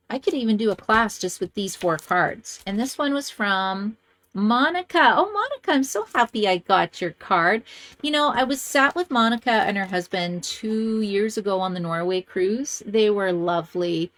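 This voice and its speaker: A woman in an average pitch hosts a card-making video and chats casually to her viewers. She gushes over each card and keeps up a warm, chatty flow of talk. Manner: gushing, chatty, lively swings in pitch. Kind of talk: casual chat showing cards to camera.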